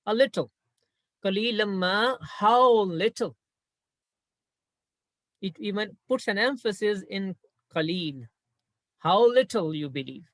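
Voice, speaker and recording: A man's voice: high-pitched, fairly bright tone, no echo. Man teaching grammar, dry close sound. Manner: patient, repeats points, recites Arabic verses quickly. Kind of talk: explaining Arabic grammar lesson.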